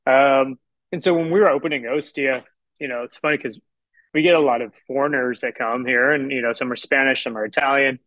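A man from Houston talks casually on a podcast, telling winding stories and slipping into the voices of people he quotes. His voice sits at an ordinary middle pitch, recorded close and dry with no room sound. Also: steady tone, brisk, a bit bright, no echo, low-quality recording. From Houston, Texas. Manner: rambling storyteller who acts out quotes. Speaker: chef and restaurant owner, guest.

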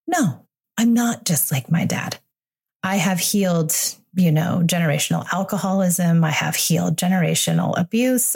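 A woman in her forties speaking alone on her podcast as a parenting coach. Her voice sits a little low and she talks in a candid, confessional way, reassuring her listeners as she goes. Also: vocal fry, darkish tone, slightly rough. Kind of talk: solo podcast monologue.

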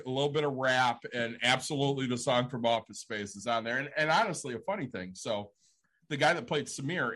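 Husky man chatting casually. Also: mid-range voice, fairly bright tone. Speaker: rage room business owner. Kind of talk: casual podcast chat.

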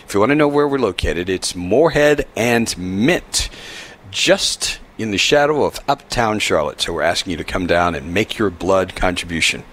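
A man hosting a live radio talk show, giving upbeat announcements and emphatic commentary. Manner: animated, upbeat pitch swings, emphatic.

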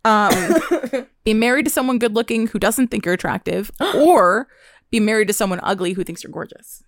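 A woman's voice: medium pitch, moderate pace, no echo, studio quality. A young woman co-hosting a casual chat, blunt and laughing often, with plenty of swearing. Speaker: podcast co-host.

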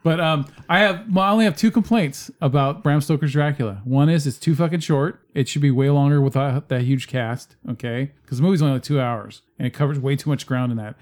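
A man's voice: medium pitch, fairly quick, few pauses, darkish tone. A man co-hosting a podcast in casual chat, rambling and swearing, with frequent restarts. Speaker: podcast co-host.

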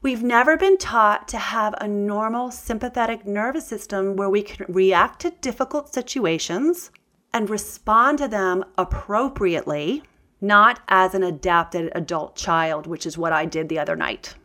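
Middle-aged woman, confiding self-help talk, earnest, bursts of emphasis, mid pitch. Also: unhurried, sharp tone. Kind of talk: candid talk to an audience.

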